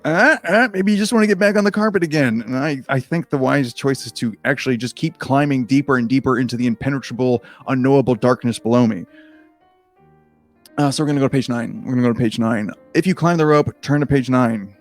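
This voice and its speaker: A man reading a choose-your-own-adventure book aloud in a casual, comedic way, with rambling, self-deprecating asides and frequent swearing. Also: medium pitch.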